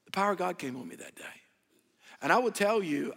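A man preaching a sermon as pastor, animated and calling on the congregation to answer back. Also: fairly high pitch, fairly quick, gravelly. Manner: animated, call-and-response with congregation. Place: large church hall. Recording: echoey church hall.

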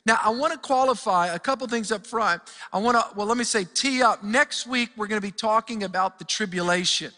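High, bright-voiced pastor in a reverberant church. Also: male voice, fairly quick, few pauses. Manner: energetic storytelling with many restarts. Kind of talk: sermon. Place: church sanctuary.

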